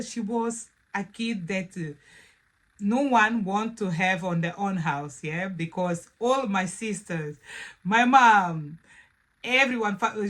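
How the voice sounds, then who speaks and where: A mother in her thirties who speaks natively, telling family stories to camera in broken English, animated and laughing often. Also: lowish voice. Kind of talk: casual storytelling to camera.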